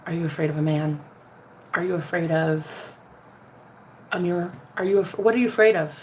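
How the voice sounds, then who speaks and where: A woman's voice: lowish voice, brisk, slight background noise. A woman in a casual spiritual vlog, talking sassily and directly to viewers, calling them honey and laughing often. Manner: sassy, talks straight to the viewer, calls them honey; laughs often, jumps between loud and hushed. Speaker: vlogger.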